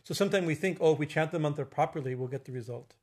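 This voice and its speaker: A middle-aged man giving an informal religious talk as a spiritual teacher, halting, with many fillers and restarts, often asking "right?". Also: on the high side, a little mellow.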